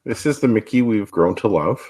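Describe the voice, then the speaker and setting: A man co-hosting a casual podcast, explaining his views in a thoughtful, quick way. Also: lowish voice, lively intonation, a little mellow. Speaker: podcast co-host.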